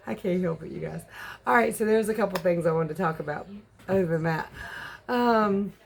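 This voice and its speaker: Lady in her 40s venting on her vlog, creaky voice, excitable and all over the place. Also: normal speed. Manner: excitable ranting with big jumps in pitch. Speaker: vlogger. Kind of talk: casual vlog chat.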